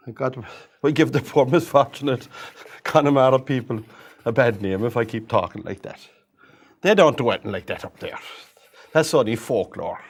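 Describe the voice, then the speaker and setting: A man demonstrating a painting, chatting gently and coaxing the paint along as he works. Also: mid-range voice. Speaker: painting instructor.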